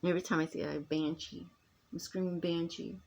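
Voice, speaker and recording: A woman's voice: lowish voice, flat delivery, fairly quick, vocal fry, darkish tone. A woman talking straight to her phone in a rambling personal monologue, emphatic and full of restarts that trail off. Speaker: vlogger.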